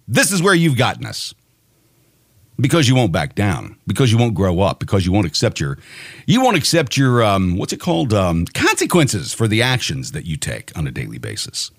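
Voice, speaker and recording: A man rants through his own podcast, angry and mocking, and he swears often. His pitch leaps and dips as he talks. The sound is dry and close, with no room in it. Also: wildly swooping pitch, normal speed, no room sound. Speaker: podcast host. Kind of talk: opinion podcast rant.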